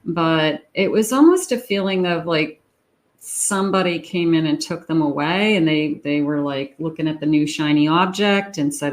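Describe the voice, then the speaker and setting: A woman's voice: low-pitched, moderate pace. A middle-aged woman giving a tarot reading in a chatty way, often acting out quoted lines and laughing. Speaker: tarot reader. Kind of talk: casual tarot reading monologue.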